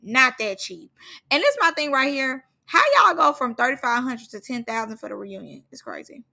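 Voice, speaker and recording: A woman with a high voice chats through a reality show recap in loose, slangy gossip. Her tone is bright and cutting, and she talks in an animated way, laughing often as she goes. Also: a little fast, creaky. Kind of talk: casual gossip commentary.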